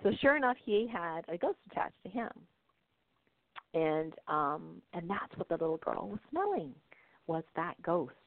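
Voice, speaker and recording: On her talk show, a woman who hosts a podcast and teaches intuition tells stories chattily, laughing and checking in with "right?". Her voice is on the low side, gravelly and sing-song, a little slow. It comes through dry and narrow like a phone, without echo.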